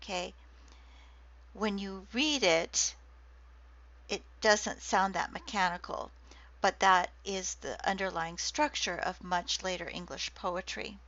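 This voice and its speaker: Slow, deliberate woman lecturer, lo-fi sound. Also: mid-range voice, fairly even intonation, fairly bright tone. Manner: slow, deliberate, reads quoted verse slowly. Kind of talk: recorded lecture on poetry. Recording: dull lo-fi dry recording.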